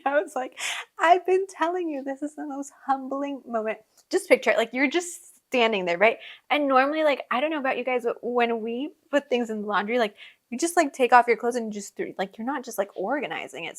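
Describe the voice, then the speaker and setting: A young adult woman hosts a podcast, telling casual travel stories in a chatty way with frequent laughs and lots of fillers. Her voice is on the high side with a fairly bright tone.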